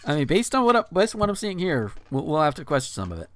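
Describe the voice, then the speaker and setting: A man's voice: fairly high pitch, huge pitch swings, quick pace, fairly bright tone, dry recording. A man in his thirties hosts a casual podcast, swinging his voice widely as he reacts in disbelief. He swears freely and exaggerates his outbursts. The recording is close and dry. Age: 30s. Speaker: podcast host. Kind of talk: casual podcast chat with dramatic readings.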